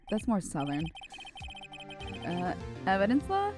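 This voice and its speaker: A young woman chatting casually while she plays through a game on stream. Her voice sits at an ordinary middle pitch, easygoing and a little self-mocking. Soft game music plays underneath. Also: expressive, unhurried, long pauses. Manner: chatty, reads game text aloud, laughs at herself. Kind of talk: casual let's-play commentary.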